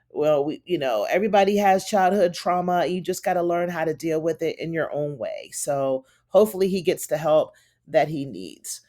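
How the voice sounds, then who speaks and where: A woman's voice: low voice, moderate pace, dark tone. Woman, TV show reviewer, casual episode recap, chatty, lots of fillers. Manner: chatty, retells scenes with quoted dialogue and frequent fillers.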